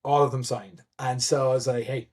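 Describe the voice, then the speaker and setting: A man spins loose anecdotes in a relaxed interview, restarting his sentences and reaching for fillers. His pitch sits in an ordinary middle range, and he laughs and curses easily as he goes. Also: fairly quick. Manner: rambling, many restarts and fillers; laughs often, swears casually. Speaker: guest, event admin. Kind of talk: casual storytelling interview.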